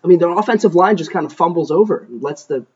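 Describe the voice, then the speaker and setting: A man trading quick wisecracks in casual podcast banter. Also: fairly high pitch, animated, a little mellow, lo-fi sound.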